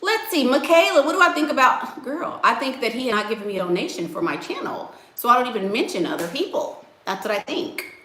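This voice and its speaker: A woman's voice: a little high, lively intonation, fairly quick, fairly bright tone, roomy sound, a little hiss or hum. A woman giving blunt, sassy dating advice while answering viewers in a casual live stream. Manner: blunt, sassy, emphatic, addresses viewers as y'all.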